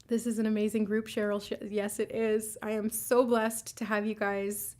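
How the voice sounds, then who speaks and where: A young woman hosts a live psychic stream in a gentle, soft-spoken way. She guides the listeners through a group healing and thanks them by name with effusive warmth. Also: mid-range voice, level tone, a little slow. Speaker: psychic medium hosting a live session.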